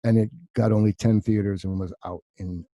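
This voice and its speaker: A middle-aged actor guest telling profane, animated anecdotes in a casual podcast chat, slipping into quoted voices. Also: male voice, fairly low pitch, normal speed, no echo.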